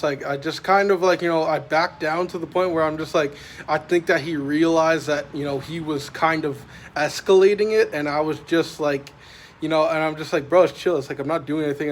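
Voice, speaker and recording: A man's voice: a little high, slight background noise. A man talking casually in a vlog, rambling and meandering with constant filler words. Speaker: vlogger. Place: parked vehicle at night, microwave nearby.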